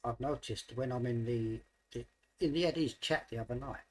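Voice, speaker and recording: A middle-aged man from London hosts a casual livestream chat in a London accent. He rambles and hesitates with many fillers, speaking at a moderate pace in a mid-range voice.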